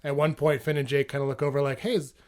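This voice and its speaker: A man co-hosting a podcast in casual chat, animated and retelling scenes with quick character voices. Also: mid-range voice. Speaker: podcast co-host.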